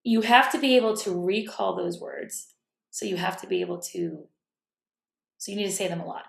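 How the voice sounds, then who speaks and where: Reflective woman with a gravelly, echoey voice. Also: medium pitch, wildly swooping pitch, moderate pace. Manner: thoughtful, self-correcting, drops to a whisper at times. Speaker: self-help speaker. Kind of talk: casual reflective talk. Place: room at home.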